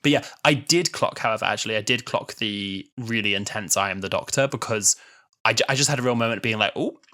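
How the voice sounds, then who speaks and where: A man in his twenties co-hosting a casual podcast, animated and chatty, laughing often. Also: on the low side, fairly quick. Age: 20s. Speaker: podcast co-host.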